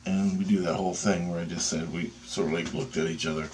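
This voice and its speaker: A man telling a personal story in a casual, excitable and profane way, with pauses and restarts. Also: low-pitched, a little hiss or hum.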